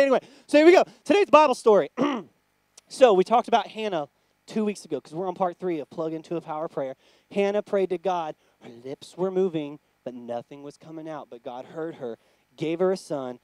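A man teaching a lively Bible lesson to young children in church, playful and excitable. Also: high voice, no room sound. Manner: excitable, playful, loud cheers.

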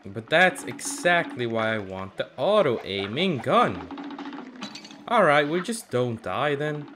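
A young man commenting on his own gameplay, cursing a lot and swinging between angry yelling and low muttering. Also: sing-song, unhurried, a little hiss or hum. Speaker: gaming channel host.

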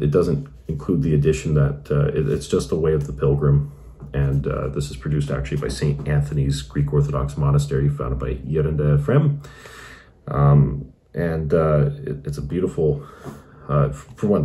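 A man's voice: extremely low pitch, warm tone. A married man hosting his channel, earnestly recounting his conversion story in a casual, reflective way with many fillers and restarts. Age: adult, married. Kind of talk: casual personal testimony.

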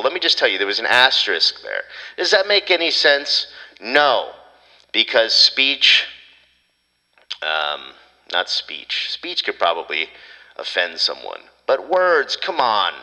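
A man's voice: low voice, sharp tone, big-room sound, poor audio. A man hosting a podcast, riffing sarcastically in a rambling comedic monologue. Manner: sarcastic, riffing, mock rants. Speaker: podcast host.

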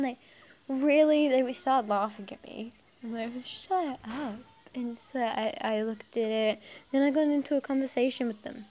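A woman's voice: fairly high pitch, mellow, poor audio. A young woman reading a fan story aloud, breaking off to giggle and comment, often stumbling over words. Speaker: fan fiction reader.

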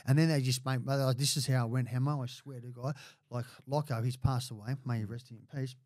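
A man's voice: mid-range voice, steady tone, a little fast, a little mellow, dry recording, studio quality. An Australian man in his forties, a podcast guest, telling stories in a rambling, profane way, full of "mate" and restarts. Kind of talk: casual storytelling.

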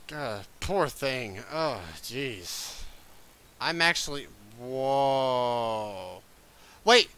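A young man giving casual gameplay commentary, excitable, swearing often and yelping at scares. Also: on the high side, smooth. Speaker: gaming video creator.

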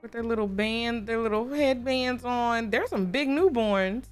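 A woman, hosting a casual, excitable let's-play and chatting to viewers as she plays. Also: fairly high pitch, normal speed, hardly any pauses, soft background music. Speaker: gaming video host. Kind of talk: casual game commentary.

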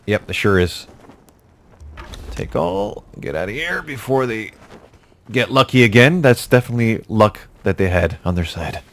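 A man's voice: lowish voice, expressive, moderate pace, a bit bright. A man giving casual, jokey commentary over his own gameplay, talking to himself with exasperated outbursts. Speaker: gaming YouTuber.

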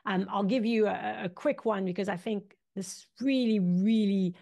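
Animated woman telling stories. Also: mid-range voice, moderate pace, vocal fry. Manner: animated storyteller, acts out quotes. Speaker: acupuncturist guest. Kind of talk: casual interview chat.

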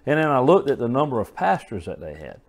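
A man's voice: mid-range voice, huge pitch swings, fast talker, creaky. A man preaching a sermon, earnest and folksy, telling stories and often restarting his phrases.

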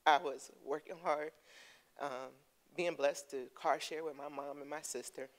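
A woman's voice: low voice, measured pace, poor audio. Earnest woman sharing a church testimony. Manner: earnest, laughing, breaks into excited storytelling. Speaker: congregation member giving testimony. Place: church sanctuary.

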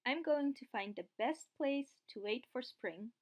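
A woman reading aloud as an eager, cheerful male snowman, in an excited, wondering manner. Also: sits high, measured pace, highs cut off.

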